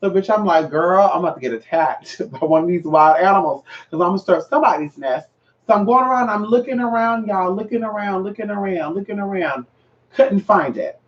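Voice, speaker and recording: Sassy high-voiced man, distant lo-fi sound. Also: fairly quick. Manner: sassy, expressive, swears freely, swings loud with exclamations. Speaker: spiritual reader and vlogger. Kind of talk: casual chat to viewers.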